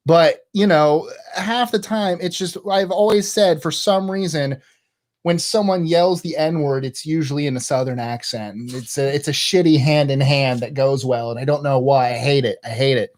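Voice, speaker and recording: A man's voice: fairly high pitch, steady tone, normal speed, a little mellow. A man co-hosting a live call-in stream, blunt and outspoken, reading chat messages aloud. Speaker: co-host.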